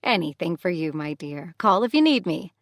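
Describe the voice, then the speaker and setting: A woman voicing a warm, eager female housekeeper who fusses over her guests. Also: lowish voice, sing-song, normal speed, dry recording, clean studio sound. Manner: bright, fussing hostess voice.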